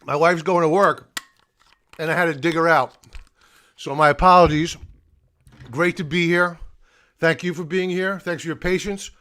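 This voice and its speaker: A man's voice: a little high, steady tone, moderate pace, pauses often, pushed and bright. A middle-aged man hosts a live stock market stream. He is a bit out of breath, greets viewers by name and talks through market news in a casual way.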